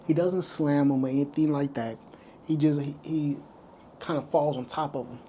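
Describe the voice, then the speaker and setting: Guy vlogging, casual storytelling, kinda higher voice, acts out the quotes. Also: fairly even intonation, moderate pace, dark tone, a little hiss or hum. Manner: retells events loosely, acting out quoted lines.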